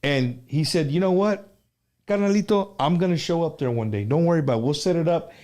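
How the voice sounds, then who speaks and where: A man's voice: a little high, quick pace, darkish tone. A male show host, chatting in a laid-back way and dropping in Spanish words. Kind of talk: casual chat.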